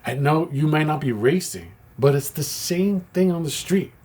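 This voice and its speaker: Husky, animated man talking candidly. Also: fairly high pitch, normal speed. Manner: passionate, rambling, candid. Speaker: parts maker and shop owner. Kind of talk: candid personal video talk.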